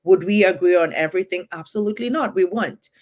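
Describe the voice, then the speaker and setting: A woman's voice: fairly low pitch, fast talker, a little mellow. Woman podcast co-host, earnest and persuasive, leans on "right?". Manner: emphatic, persuasive, often tags "right?". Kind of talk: earnest conversational podcast talk.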